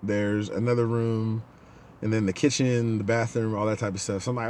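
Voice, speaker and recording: Speaking at a moderate pace in a lowish voice, with slight background noise, a man hosts a podcast and tells a casual story. He animatedly acts out its characters.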